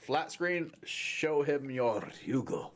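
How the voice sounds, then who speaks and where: A man's voice: fairly high pitch, expressive, slow. A man chatting casually on a stream as a dub actor, joking and laughing often.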